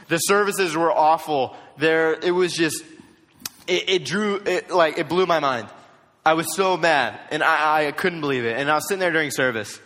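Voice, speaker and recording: Animated young man preaching in reverb. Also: on the high side. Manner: animated, jokey, acts out quotes in voices. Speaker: youth speaker. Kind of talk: storytelling sermon talk. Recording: long hall reverb.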